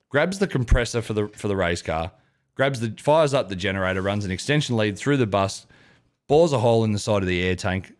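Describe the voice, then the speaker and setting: A young Australian man co-hosting a podcast, telling a rowdy, rambling story full of swearing. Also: on the low side. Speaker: podcast co-host. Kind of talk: casual storytelling chat.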